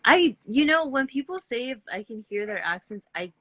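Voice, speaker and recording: A woman's voice: fairly high pitch, sing-song, normal speed, fairly bright tone, no room sound. A woman hosting an artist talk over a video call, upbeat, chatty and encouraging. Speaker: host. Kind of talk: casual interview chat.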